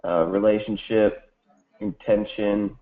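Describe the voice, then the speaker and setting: A lower-voiced man answers exam questions in a relaxed, hesitant way, trailing off and circling back. His voice comes through thin and narrow, like over a phone line. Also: takes it slowly. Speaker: exam student. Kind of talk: casual tutoring Q&A.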